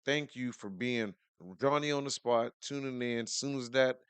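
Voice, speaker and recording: A man hosting a podcast, hoarse today, energetically greeting viewers and shouting them out in casual chat. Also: medium pitch, fairly even intonation, a little slow, no echo. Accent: American English. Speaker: podcast host.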